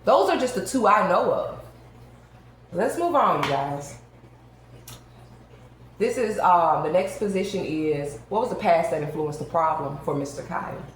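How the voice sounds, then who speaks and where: A woman with a lowish voice reads tarot cards for her viewers. She is emphatic and talks straight to her audience. Her voice rings around a very echoey room with a faint hiss underneath. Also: lively intonation, unhurried, long pauses. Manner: emphatic, addresses viewers directly. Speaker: tarot reader.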